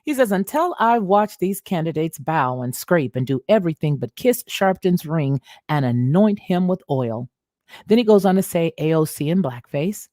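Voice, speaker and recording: A woman's voice: deep voice, very animated, moderate pace, dark tone, no room sound, studio quality. A woman hosting a commentary show, reading an article aloud and commenting on it in a conversational way. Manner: conversational, addresses viewers as y'all. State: feeling unwell, clearing throat.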